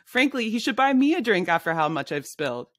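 A woman's voice: sits low, animated, normal speed, no room sound, studio quality. A woman reading her memoir aloud, voicing a brash, blunt woman friend who bosses people around at a bar. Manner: pushy, blunt, bossy.

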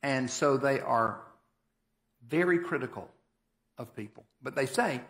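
Folksy pastor preaching in echoey church. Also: male voice, medium pitch, lively intonation, a little slow, pauses often, fairly bright tone. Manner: conversational, folksy, emphatic preaching. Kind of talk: sermon. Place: church sanctuary.

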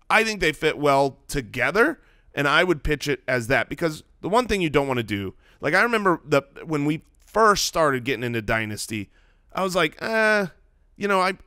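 A man co-hosting a sports podcast in casual chat, talking in an animated, emphatic way. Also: a little high, no echo, studio quality. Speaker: podcast co-host.

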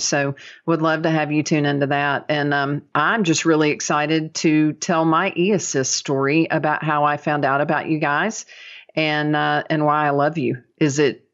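A woman guesting on a podcast as a dental business coach, talking in an upbeat, chatty way with many fillers. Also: deep voice. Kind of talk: casual podcast interview. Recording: dull lo-fi audio.

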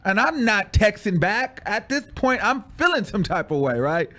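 A man's voice: high voice, sing-song, moderate pace, pushed and bright. A man telling a personal story in casual story-time style, dramatic and full of exclamations.

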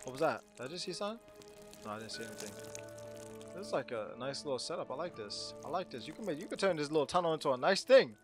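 A man playing a horror game and commenting to himself in a jumpy, excitable way, with game music behind him. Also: a little high, fast. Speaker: gaming channel host. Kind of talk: let's play commentary.

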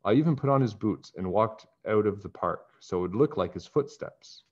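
A man voicing a guilty young boy, sheepish and eager to explain himself. The lines rise above a low, deep reading voice. The sound is dull and lo-fi. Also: animated, normal speed, husky. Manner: sheepish, confessing.

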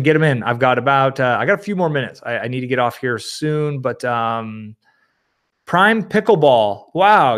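A man hosting a live stream, reading viewer comments and answering in a rambling, animated way. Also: fairly high pitch. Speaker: livestream host. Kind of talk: casual live Q&A.

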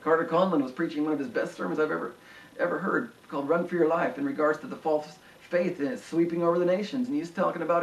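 A man preaching a sermon with impassioned delivery, rising to high emphatic peaks. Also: fast, vocal fry. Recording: echoey room, voice from far off.

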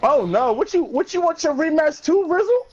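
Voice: sits high, sing-song, normal speed, darkish tone, muffled recording. A gamer giving running commentary on an online fighting match, taunting opponents over and over in a teasing, sing-song way. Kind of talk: trash-talking gameplay commentary.

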